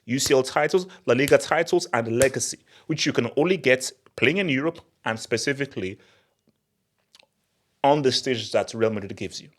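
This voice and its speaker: A young man hosting a football channel, talking in an excitable, laughing rant. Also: medium pitch, moderate pace. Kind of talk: animated football commentary vlog.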